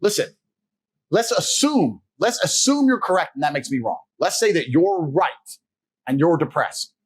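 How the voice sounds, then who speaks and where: A man's voice: high voice, husky. A man giving a blunt, profane motivational monologue, lecturing the listener directly and confrontationally.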